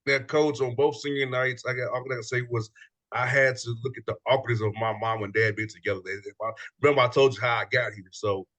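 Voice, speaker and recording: A male show host chatting casually in a lively, joking way and laughing often. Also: mid-range voice, fast. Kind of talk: casual chat.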